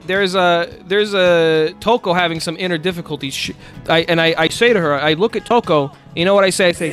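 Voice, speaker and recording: A man's voice: high-pitched, a little fast, fairly bright tone, faint music behind. A man streaming live, chatting casually, laughing often and swearing as he rambles.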